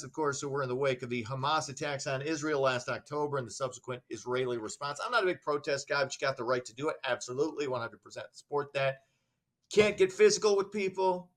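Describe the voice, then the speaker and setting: A man reading news items and rambling into halting opinions on a casual show. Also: on the high side, a bit bright. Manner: rambling, halting, self-correcting. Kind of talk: news with commentary.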